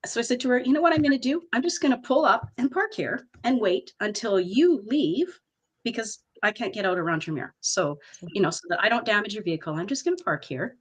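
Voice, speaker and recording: A woman's voice: on the high side, animated, a little fast, breathy edge. A woman co-hosting a podcast, telling a story with frequent laughter and swearing. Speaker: podcast co-host. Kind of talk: casual chat.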